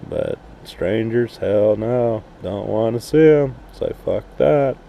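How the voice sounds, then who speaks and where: A man vents in a blunt, profanity-laced ramble, his voice low, gravelly and very dark. He talks slowly and unhurriedly, as if hanging around outside. He is recorded outdoors at night, with a faint hum of noise behind him. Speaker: RV vlogger. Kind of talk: casual rant to camera.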